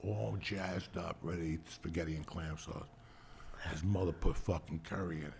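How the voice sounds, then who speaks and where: A man telling profane, animated stories in casual chat. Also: low voice, normal speed, gravelly, a loud crowd. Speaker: podcast host.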